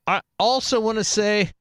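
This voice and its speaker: A man's voice: sits high, unhurried, fairly bright tone, clean tone, dry recording. A man hosting a casual comedy chat, joking and laughing often as he asks the questions. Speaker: podcast host asking the questions.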